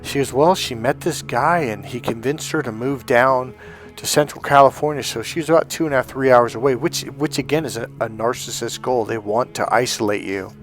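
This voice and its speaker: A man's voice: medium pitch, brisk, faint music behind. A middle-aged man, a relationship coach, telling a personal story in a casual monologue, acting out the voices of the people he quotes, with lots of fillers. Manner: animated, acts out quoted voices, many fillers.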